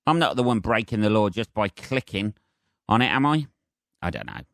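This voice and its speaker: A man's voice: fairly low pitch, lively intonation, moderate pace, fairly bright tone, no echo, studio quality. A man hosting a solo podcast, rambling casually with swearing and self-mocking asides. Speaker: podcast host.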